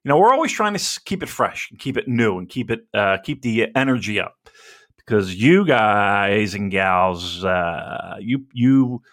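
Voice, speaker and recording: A man's voice: on the low side, sing-song, measured pace, fairly bright tone. A man co-hosting a casual comedy podcast, rambling, swearing freely and laughing at his own jokes. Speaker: podcast co-host.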